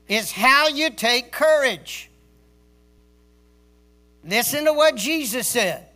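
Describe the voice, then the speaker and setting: Extremely high-pitched, sharp and very animated yet unhurried, a male pastor preaches at a church service. Like a drill sergeant, he repeats key words for stress in a stern, emphatic sermon.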